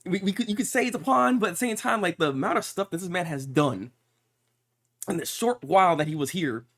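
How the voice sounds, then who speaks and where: In a high, slightly fast voice, a livestreamer exclaims his way through a new comic chapter, with casual swearing and frequent restarts. The echo suggests an untreated room.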